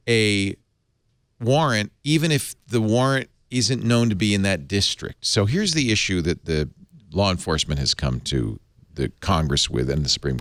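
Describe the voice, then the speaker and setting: A low-pitched man hosting a tech talk show, his voice swinging up and down as he explains and editorializes. The sound is dry and close, with no room around it. He talks in an animated way. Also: no room sound. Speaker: host. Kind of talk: tech panel discussion.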